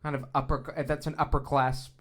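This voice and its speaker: A man co-hosting a podcast in casual fan discussion, speaking thoughtfully with halting restarts. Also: mid-range voice, little pitch movement, fairly bright tone. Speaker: podcast co-host.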